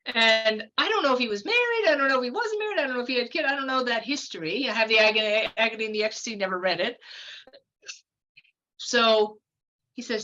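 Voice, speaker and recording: A woman in her fifties with a bright, ringing voice that sits a little high. She tells a long personal story as a guest, chatty and meandering, with fillers and side remarks. The audio is slightly muffled. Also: animated, fast talker. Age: 50s. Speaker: podcast guest. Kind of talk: casual storytelling.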